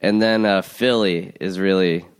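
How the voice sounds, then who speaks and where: Smooth, low-voiced easygoing man. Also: steady tone, measured pace. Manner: easygoing, chatty, laughs along. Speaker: podcast co-host. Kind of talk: casual comedic chat.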